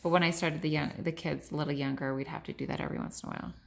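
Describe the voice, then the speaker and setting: Low-voiced mom teaching a child to read. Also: female voice, steady tone, racing, gravelly. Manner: patient, encouraging, chatty asides to the camera. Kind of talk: casual home video vlog. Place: home. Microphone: phone. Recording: faint background noise, home phone recording.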